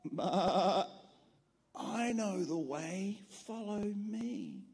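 A woman doing a soft, hushed little lamb. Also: medium pitch, sing-song, very slow, husky, pitched below the performer's own voice, heavily acted. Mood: quiet, gentle. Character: small timid lamb, calm and sure. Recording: long church hall reverb.

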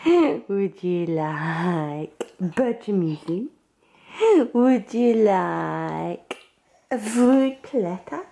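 A woman's voice: on the low side, lively intonation, drawn-out words, vocal fry, dark tone. An Australian woman vlogging at home in a guest room, chatting into a handheld camera and using playful sing-song baby talk with her son. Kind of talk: casual home vlog.

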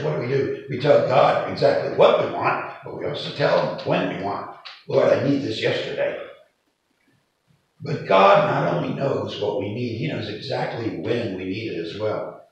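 A man preaches from some distance away in a hall with a very strong echo. His voice swings widely in pitch as he stresses his points, over a faint hiss of noise. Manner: animated preaching with emphatic rises. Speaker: pastor. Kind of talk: sermon.

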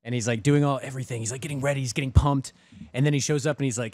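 Fast-talking male guest cohost. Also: medium pitch, fairly even intonation, darkish tone, dry recording. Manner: fast-talking storyteller, joking. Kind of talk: casual chat.

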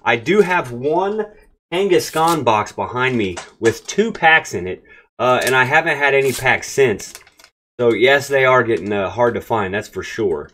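A man hosts a casual pack-opening vlog, gushing over each card and talking straight to his viewers. His pitch swings widely, climbing high when something excites him and dropping low in between. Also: measured pace, a little hiss or hum. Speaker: card-opening channel host.

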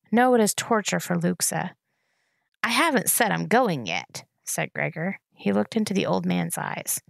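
A woman's voice: mid-range voice, creaky, no room sound. A woman reading a children's novel aloud, shifting her voice a little for the characters. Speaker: reader.

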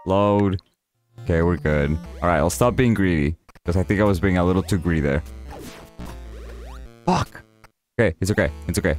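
Faint music sits behind a lowish, very animated man who talks at normal speed but pauses often. As a gaming channel host giving live let's play commentary, he swears, laughs at himself, gets frustrated and now and then pleads with the game.

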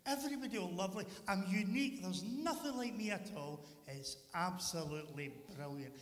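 A man's voice: a little high, expressive, normal speed, a bit bright, big-room sound. Wilbur, a man doing an eager boastful elephant. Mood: delighted. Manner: eager, delighted exclamations. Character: boastful young elephant who keeps changing.

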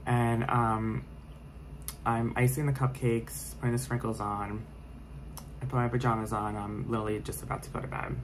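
A man's voice: mid-range voice, little pitch movement, normal speed, slight background noise, low-quality recording. A young man telling a scary story in a casual vlog, rambling with lots of fillers and restarts.

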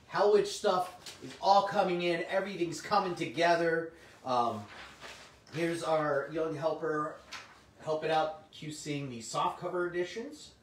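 A middle-aged man, slightly hoarse, hosting a comic shop livestream in casual, chatty talk and answering viewers' comments. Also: fairly high pitch. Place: indoor room. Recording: roomy, distant mic, faint noise.

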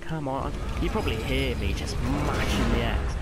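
Man, casual game commentary, mid-pitched, swears a lot, background noise audible. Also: normal speed. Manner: chatty, swears often, reacts loudly to the game. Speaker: let's play gamer.

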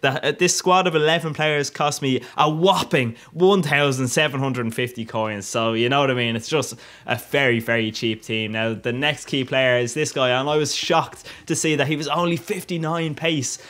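A gaming YouTuber with a mid-range, fairly bright voice speaks at a normal speed in a steady tone. Playing a football video game, he offers casual, cheeky commentary, making crude jokes and laughing a lot.

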